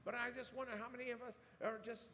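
A man's voice: very high-pitched, flat delivery, quick pace, sharp tone. A man preaching a sermon, retelling the story animatedly and acting out quotes. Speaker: pastor. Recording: long hall reverb, faint room noise.

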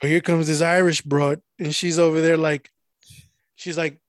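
In a studio-quality recording with no room sound, a man whose voice is on the high side speaks at a moderate pace. Chatting casually, he tells a story full of profanity and animatedly performs the voices of the people he quotes.

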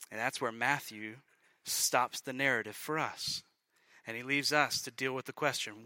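A male pastor preaching a sermon, emphatic, building to loud peaks and dropping to quiet lines. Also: mid-range voice, steady tone, a little slow, no room sound.

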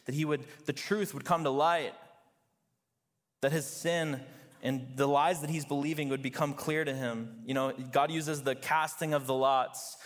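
A man's voice: fairly high pitch, steady tone, measured pace. A male pastor preaching a sermon in a loose, conversational way, full of "like" and "you know". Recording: long reverb of a large hall.

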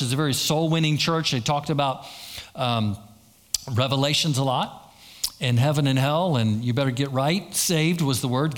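A man's voice: mid-range voice, a bit bright. A man preaching a sermon as pastor, telling stories and acting out quoted lines with a lot of repetition. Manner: storytelling with acted-out quotes and repetition.

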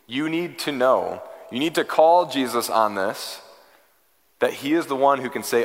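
A man delivers a sermon in an earnest, pleading way, his mid-range voice swinging between hushed and emphatic. The sound carries a long reverb from a large hall. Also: medium pitch, lively intonation, unhurried. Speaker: pastor.

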